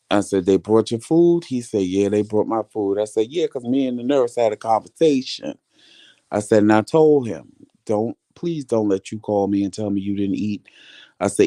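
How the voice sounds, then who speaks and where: This vlogger speaks in a fairly low, dark-toned voice that's expressive and moderately paced. He casually relays a long story to viewers, acting out each exchange with lots of quoted dialogue, and there's no room sound.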